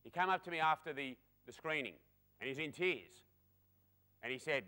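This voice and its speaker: A man giving a lively conference keynote, chatty and energetic, speaking straight to the audience. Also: medium pitch, a little fast. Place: conference hall.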